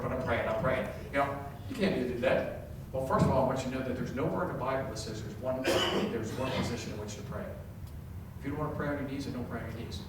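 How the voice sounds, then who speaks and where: A middle-aged man preaching a sermon as pastor, animated and self-deprecating, acting out quoted voices. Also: medium pitch, recorded from a distance, noisy background. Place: church sanctuary. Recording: echoey hall, voice from off-mic.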